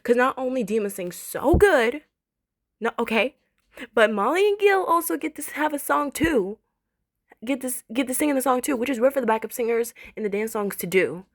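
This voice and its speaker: A woman in her twenties gushes excitedly over a cartoon episode in a casual review, often repeating herself. Her voice sits on the high side at a moderate pace.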